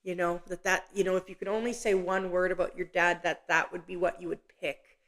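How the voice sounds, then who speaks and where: A woman hosting a live psychic medium session, talking gently and haltingly with many pauses and restarts. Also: lowish voice, little pitch movement. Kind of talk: live online reading.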